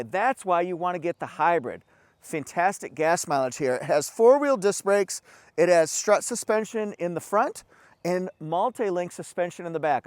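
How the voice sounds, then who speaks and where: A man's voice: sits high, no echo. A man giving an enthusiastic, chatty car walkaround review outdoors, breaking into little exclamations.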